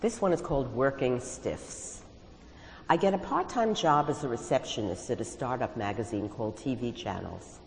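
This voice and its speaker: A woman author reading her own first-person stories aloud with a wry, confiding manner, pausing to explain them. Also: very deep voice, expressive, in a large hall, a little hiss or hum, rough recording.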